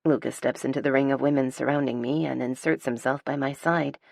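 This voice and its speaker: A woman reading a romantic suspense audiobook in the first person, with a dry, sardonic, measured delivery close to the microphone. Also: a bass voice, fairly even intonation, gravelly, a little mellow, dry recording. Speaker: audiobook narrator.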